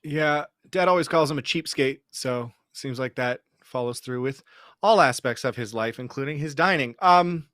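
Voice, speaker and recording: A man's voice: mid-range voice, moderate pace, a bit bright, no echo, studio quality. A man playing a tabletop horror game in character, fussy and defensive. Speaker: player.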